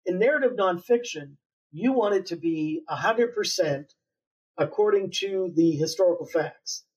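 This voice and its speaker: A man author being interviewed, telling a long story in a relaxed way with many fillers and pauses. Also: high voice, slightly rough. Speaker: author guest. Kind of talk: conversational interview. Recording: distant, dull lo-fi sound.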